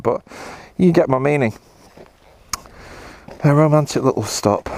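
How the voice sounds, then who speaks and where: A man's voice: fairly high pitch, lively intonation, a little fast, a little mellow. An English man vlogging casually while riding a motorbike on country trails, rambling with dry self-mocking humour and casual swearing, a bit tired. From England.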